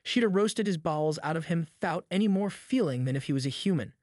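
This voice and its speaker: A mischievous young boy , put on by a male narrator, pleads innocence in a cheeky, raised voice. He sounds sly and quick with excuses. The recording is dry and close, like a storybook reading. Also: a little high, lively intonation, a little mellow, no echo, close to an everyday voice.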